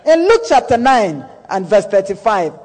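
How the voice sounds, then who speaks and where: A man's voice: sits high, big pitch swings, normal speed, darkish tone. A male pastor preaching a sermon, repeating key phrases for emphasis and declaring blessings over the congregation. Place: large church hall. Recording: long hall reverb, live church sermon.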